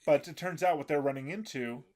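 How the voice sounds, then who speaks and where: A man co-hosting a casual podcast, recapping an anime episode in a halting way with many fillers. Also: fairly high pitch, a little mellow. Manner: halting, fills gaps with um and uh. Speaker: podcast co-host.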